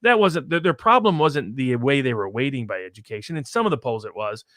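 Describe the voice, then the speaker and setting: A man talks briskly about polling, words tumbling out with many restarts. His voice sits at a middle pitch and sounds close and dry, with no room around it. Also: expressive, a bit bright, dry recording. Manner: fast, explanatory, with frequent restarts. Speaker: pollster guest. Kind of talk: casual podcast discussion.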